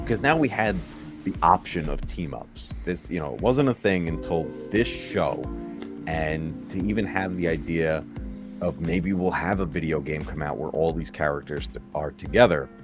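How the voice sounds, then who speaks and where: Deep-voiced man hosting a casual stream. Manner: rambling, nostalgic, chuckles often. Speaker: stream host. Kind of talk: casual live-stream chat. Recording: music playing under the voice.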